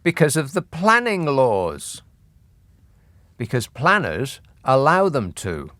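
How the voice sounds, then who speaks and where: A man's voice: medium pitch, wildly swooping pitch, slow pace, pushed and bright, no room sound. A man hosting a radio phone-in, talking in a dry, sardonic way that builds into a rant. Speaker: radio talk show host. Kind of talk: late-night phone-in chat. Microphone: studio mic.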